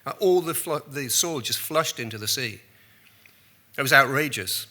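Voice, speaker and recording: A man's voice: medium pitch, lively intonation, normal speed, sharp tone, slight background noise. A man in his sixties giving a conference talk as a journalist and keynote speaker, telling rambling, self-deprecating anecdotes with frequent restarts.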